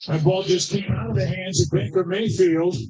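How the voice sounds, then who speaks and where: A man with a high, bright-edged speaking pitch calls a football game live. He moves briskly from play to play, naming who did what on the field. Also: fairly even intonation, crowd noise, poor audio. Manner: brisk, descriptive call of each play. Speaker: play-by-play commentator.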